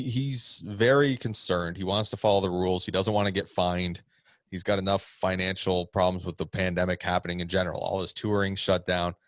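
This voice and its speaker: A man's voice: low-pitched, no room sound, clean studio sound. A man co-hosting a podcast, telling a story in a rambling way, laughing often and swearing. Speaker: podcast co-host, pro wrestler. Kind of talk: casual chat.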